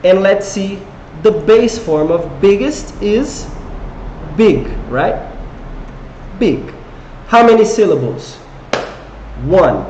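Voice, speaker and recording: Slow-paced, encouraging male English teacher. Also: high voice, very animated, dark tone, roomy sound, lo-fi sound, slight background noise. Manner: encouraging, quizzes viewers with questions. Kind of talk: live online English lesson.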